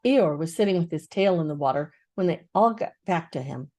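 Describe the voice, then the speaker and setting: An older woman, a grandmother, reading a children's book aloud with expressive storytelling. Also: fairly low pitch, brisk, few pauses.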